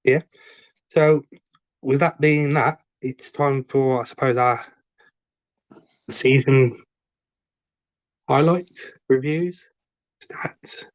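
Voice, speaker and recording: A man's voice: mid-range voice, takes it slowly, long pauses, dry recording. A man with a West Midlands accent co-hosting a podcast, telling an anecdote in casual chat and acting out the people in it, laughing often. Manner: animated storyteller acting out quoted dialogue, laughs often. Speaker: podcast co-host.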